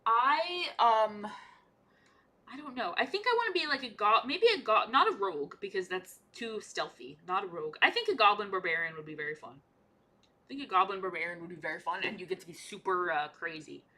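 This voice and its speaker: A woman's voice: medium pitch, animated, fairly quick, pushed and bright. A young woman chatting casually while painting miniatures, repeating her own lines as she talks. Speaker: art vlogger.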